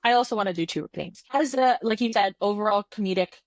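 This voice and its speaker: A young woman co-hosts a podcast in casual, playful chat, acting out scenes as she goes and swearing without a second thought. Her voice sits at an ordinary middle pitch. It is recorded close and dry, with no room sound. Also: quick pace, no room sound. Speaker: podcast co-host. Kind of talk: casual movie review chat.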